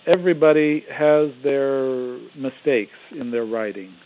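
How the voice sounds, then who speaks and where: A man speaking as a guest theologian on a call-in radio show, measured and explanatory, pausing on little fillers. His voice sits at an ordinary middle pitch. It comes through narrow and phone-like. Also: slight background noise.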